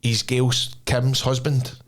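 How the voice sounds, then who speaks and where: A man's voice: medium pitch, completely flat delivery, unhurried. A Scottish man hosting a podcast, rambling through stories in casual banter and laughing often, recorded in a podcast studio. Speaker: podcast host.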